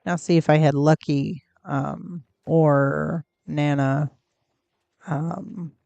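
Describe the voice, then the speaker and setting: Casual game streamer, dark gravelly tone, slow rambling delivery, close dry mic. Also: mid-range voice, fairly even intonation, no echo, highs cut off. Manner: rambling and chatty, full of fillers, coos at in-game pets. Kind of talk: casual gameplay commentary.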